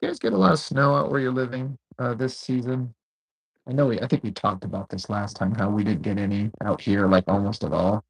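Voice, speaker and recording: A man's voice: on the low side, brisk, gravelly, slightly rough, rough recording. A man co-hosting a livestream, joking playfully in casual chat. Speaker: livestream co-host.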